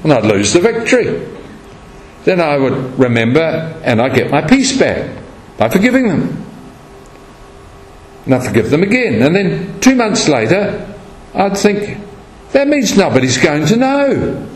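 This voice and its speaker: A man's voice: fairly high pitch, sing-song, unhurried, pauses often. A man preaching a sermon and closing with a prayer, acting out the quoted speech as he tells the story. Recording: echoey room, faint ambience.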